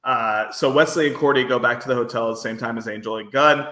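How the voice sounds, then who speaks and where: A man's voice: medium pitch, quick pace, bright, forceful tone, echoey room. A man with a faint Brooklyn accent, co-hosting a podcast and recapping an episode in a rambling, filler-heavy casual chat. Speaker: podcast co-host.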